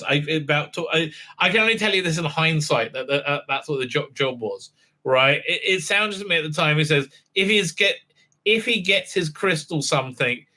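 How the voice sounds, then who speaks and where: Recapping a TV episode on his show, a man rambles haltingly with lots of fillers, throws in mocking asides, and acts out quotes in silly voices. His voice is fairly high, pushed, and bright.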